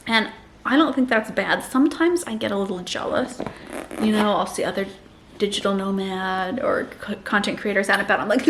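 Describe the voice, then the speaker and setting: A woman's voice: mid-range voice, fairly quick, a little hiss or hum. A woman in her thirties chatting casually to camera as a mother and vlogger, laughing often and cooing to her baby between tips.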